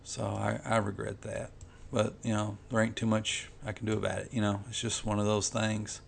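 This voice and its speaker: A man's voice: lowish voice, level tone, normal speed, creaky, a little hiss or hum. A man who makes comics, talking casually and rambling while he colors, with lots of "you know" and restarts. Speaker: comic artist vlogger.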